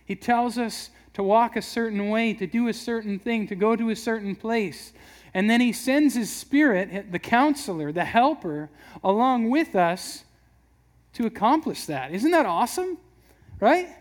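High-voiced young pastor, chatty and joking. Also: male voice, lively intonation, a little slow. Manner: conversational, humorous, many restarts. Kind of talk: sermon.

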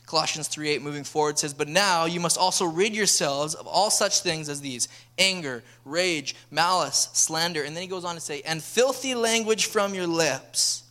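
Bright earnest young male preacher. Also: on the high side, normal speed, hardly any pauses. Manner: earnest, building to emphatic appeals. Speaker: pastor. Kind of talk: sermon.

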